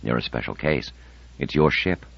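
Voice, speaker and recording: Man voicing a quiet, worried man near fifty. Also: normal speed, vocal fry, husky, dry recording, exaggerated voice. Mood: worried, tender. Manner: low, subdued. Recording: dull dry audiobook recording.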